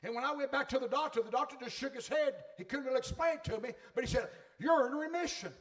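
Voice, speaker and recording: A man's voice: very high-pitched, quick pace, noisy background. A middle-aged man preaching a sermon in a fervent, folksy way.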